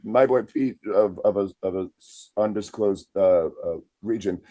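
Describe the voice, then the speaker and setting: A man's voice: fairly low pitch, unhurried, mellow, dry recording. A man co-hosting a podcast in casual comedic chat, playfully setting up prompts with hesitant fillers. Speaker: podcast co-host.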